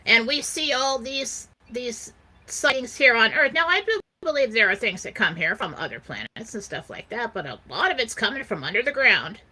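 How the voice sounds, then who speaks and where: A woman's voice: on the high side, expressive, normal speed, sharp tone, slightly rough. A woman co-hosting a talk show, speaking emphatically and insistently in casual chat. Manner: emphatic, insistent, repeats "okay?". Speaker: co-host.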